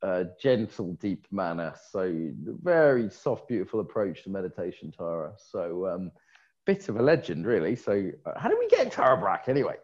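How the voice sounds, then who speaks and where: A man's voice: low-pitched, big pitch swings, normal speed, a little mellow. A man co-hosting a conference, chatting casually with playful, joking asides. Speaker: conference co-host. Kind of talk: casual chat. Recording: dull lo-fi sound.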